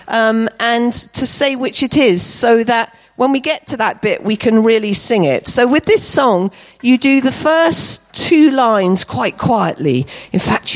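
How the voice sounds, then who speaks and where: Upbeat woman leading children's worship. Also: on the high side. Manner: encouraging, upbeat praise. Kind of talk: leading a church children's song session.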